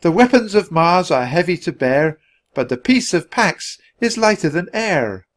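A man voicing a bright, curious young girl in a storybook reading, with eager, chirpy lines. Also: sits high, big pitch swings, unhurried, pitched above the performer's own voice.

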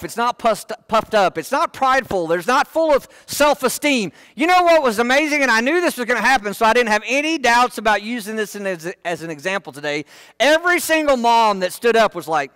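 A man's voice: very high-pitched, animated, brisk, a bit bright, clear, resonant tone, dry recording. A man preaching a sermon in church, folksy and full of joking asides. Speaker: pastor.

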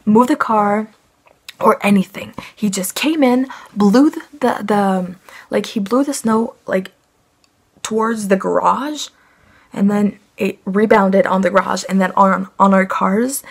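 Young woman, husky voice, casual storytime vlog, annoyed and rambling. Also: mid-range voice. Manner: annoyed, rambling, many fillers. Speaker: family vlogger.

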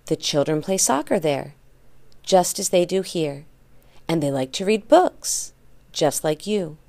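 A woman voicing a gentle, loving grandfather who reassures his grandson. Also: low voice, expressive, measured pace, vocal fry, dry recording, heavily acted. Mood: reassuring.

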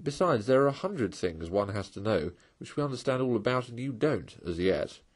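A good-natured water rat from a storybook talks in a calm, reassuring way, voiced by a man reading the tale. His voice sits at a middling pitch and quickens when he is keen to get moving. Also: husky. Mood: soothing. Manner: soothing, reassuring.

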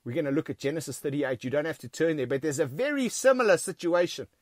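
A man's voice: on the high side, expressive, fast talker, dry recording, studio quality. A man with a South African accent preaching a sermon in a church, emphatic and repeating key phrases, often calling the congregation friends. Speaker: pastor.

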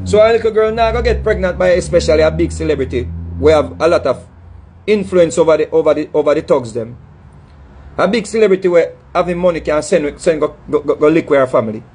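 A man's voice: a little high, fast talker, a little mellow, slight background noise. A middle-aged man with a Jamaican accent, talking in an impassioned monologue, emphatic and scolding, repeating phrases and stumbling over words. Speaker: dancehall artist speaking to his audience.

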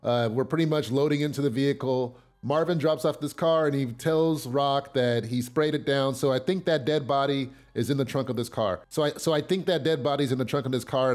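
A man casually recapping a TV episode in a chatty way, with fillers and repeated starts, getting loud and excited at big moments. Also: mid-range voice.

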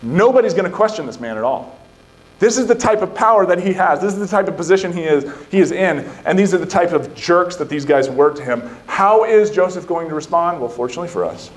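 A male pastor preaching a sermon, building emphatic rhetorical questions and then reading scripture aloud at a steady pace. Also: medium pitch, a little hiss or hum, rough recording. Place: church sanctuary.

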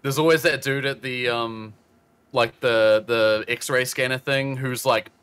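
A man's voice: medium pitch, steady tone, measured pace, a bit bright, smooth. A man chatting casually during a card game, rambling through stories. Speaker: player. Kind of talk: casual chat while playing a card game.

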